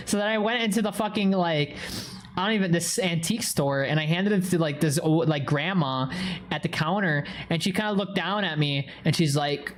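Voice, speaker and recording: A woman's voice: fairly low pitch, brisk. A young woman streaming live, chatting casually and telling a story with a lot of swearing.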